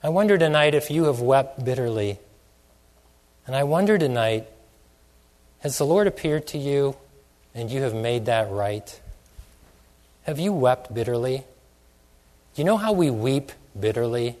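A man's voice: medium pitch, animated, measured pace, long pauses, a little mellow. A man preaching a sermon, asking many questions and stretching out phrases for emphasis. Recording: long hall reverb.

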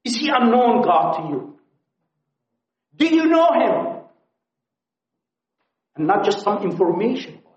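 A man preaching a sermon at a conference, pleading and impassioned, swinging from loud appeals to hushed tones. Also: sits high, big pitch swings, takes it slowly, pauses often. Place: conference hall. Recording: echoey, dull lo-fi hall recording.

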